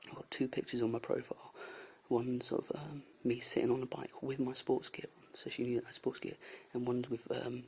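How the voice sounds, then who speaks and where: A young man with a gravelly, creaky voice vents in a casual vlog, exasperated and often dropping his voice to a hushed whisper. He is indoors, with faint room noise behind him. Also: medium pitch, little pitch movement, a little fast, low-quality recording. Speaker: volunteer traveller reviewing a host. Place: indoors at a host's house.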